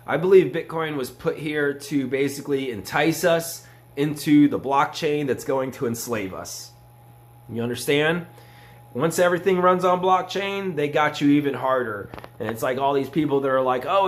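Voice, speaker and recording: A man's voice: a little high, moderate pace. A man giving a casual, rambling crypto opinion vlog, self-mocking and joking with his viewers. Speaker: crypto commentator.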